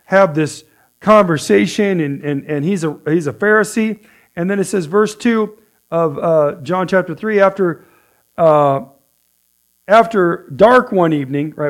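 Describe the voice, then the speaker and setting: A man teaching a casual sermon, conversational, reading scripture aloud and then explaining it in his own words. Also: on the high side. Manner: conversational, with frequent "right?" and restarts. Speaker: pastor.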